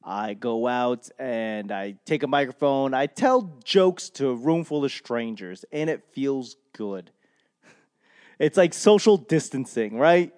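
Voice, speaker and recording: A man's voice: medium pitch, expressive, takes it slowly, a little mellow, dry recording, studio quality. Rambling, self-mocking male comic. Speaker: stand-up comic hosting a podcast. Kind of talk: casual solo podcast monologue. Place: home during quarantine.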